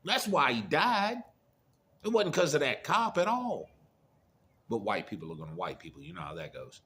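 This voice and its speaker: A man's voice: lowish voice, wildly swooping pitch, a little fast, fairly bright tone, slight background noise. A middle-aged man giving a profane, preachy monologue of blunt warnings in casual rant style. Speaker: commentator.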